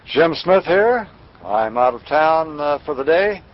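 A man's voice: a little high, very animated, unhurried. A man doing a polite answering machine greeting. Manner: polite and formal. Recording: dull lo-fi answering machine tape.

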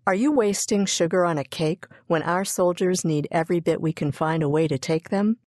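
A woman's voice: fairly low pitch, moderate pace, a little mellow, dry recording, clean studio sound, natural voice. A woman voicing an anxious, earnest young mother in a storybook reading. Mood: worried. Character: worried young mother, gentle then sharp.

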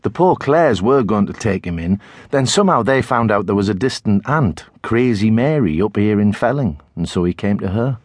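A middle-aged man with a Tyneside accent narrating a children's novel in the first person, expressive storytelling. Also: lowish voice, normal speed, breathy edge, dry recording, clean studio sound. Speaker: audiobook narrator.

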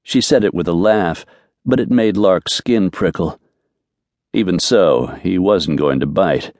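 A male audiobook narrator with a very deep voice tells the story in a measured, even way. The sound is dry and close, with no room around it. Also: dry recording. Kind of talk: scripted narration.

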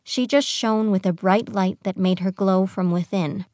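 Woman, audiobook narrator, measured storytelling, mid pitch, dry close studio sound. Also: steady tone, darkish tone, dry recording. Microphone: close studio mic.

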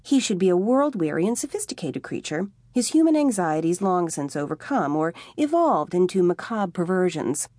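A woman narrating a comic novel with a wry, expressive reading, close to a studio mic. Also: fairly low pitch, moderate pace, few pauses, dry recording. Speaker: audiobook narrator. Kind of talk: scripted narration. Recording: dry studio audiobook.

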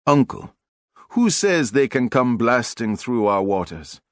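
A man voicing an excitable young male fisherman who cries out in alarm and indignation, read as an audiobook character voice. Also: a little slow, no echo, clean studio sound. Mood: indignant. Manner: shouts indignantly, voice jumps high.

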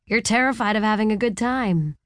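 A woman's voice: medium pitch, a little fast, no room sound, close to an everyday voice. A woman voicing a charming, wealthy male yachtsman who teases in a crooning way. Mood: teasing. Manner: teasing, crooning. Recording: dry close audiobook studio.

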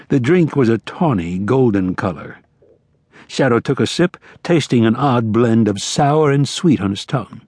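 A man narrating an audiobook in measured, lively storytelling. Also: medium pitch, husky, no echo, studio quality.

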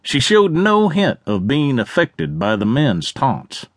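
Guy reading a western audiobook, lively up and down voice, dry studio sound. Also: mid-range voice, slow pace, no echo. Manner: lively, expressive storytelling. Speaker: audiobook narrator. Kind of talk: scripted western narration.

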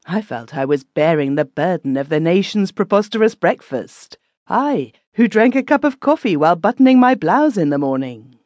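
Female audiobook narrator, wry, animated, dry studio. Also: lowish voice, normal speed, no echo, muffled recording. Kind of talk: scripted narration.

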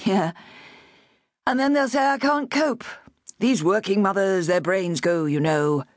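A woman's voice: medium pitch, unhurried, no room sound, clean studio sound, natural voice. A woman narrator voicing a harried young working mother who sounds flustered and apologetic, with her voice raised above her narrating tone. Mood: exasperated. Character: harried young mother juggling publishing job.

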